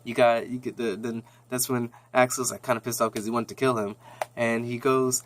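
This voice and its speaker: A man's voice: mid-range voice, little pitch movement, normal speed. A man casually recapping a TV episode in a rambling, slangy way with lots of restarts.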